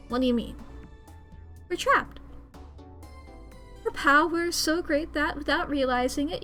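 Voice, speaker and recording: Woman doing a grim coworker lady, slow and dramatic, bright high voice. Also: full character voice. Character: ominous female coworker warning of a trap.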